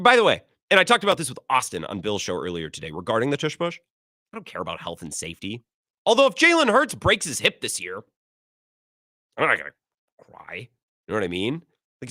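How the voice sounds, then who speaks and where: A man's voice: mid-range voice, sharp tone, dry recording, studio quality. A man hosting sports talk radio, ranting sarcastically about his team.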